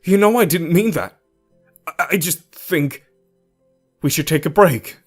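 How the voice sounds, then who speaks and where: A man's voice: fairly high pitch, measured pace, husky, faint music behind, pitched above the performer's own voice. A man voicing a defensive young man arguing with his partner in an audio story. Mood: apologetic. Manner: defensive, sharp.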